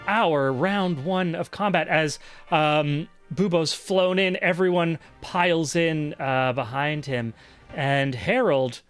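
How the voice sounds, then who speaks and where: A man narrates a tabletop role-playing session as game master, describing the scene at length. He speaks slowly in a fairly high voice, with frequent ums and uhs. Soft music plays in the background.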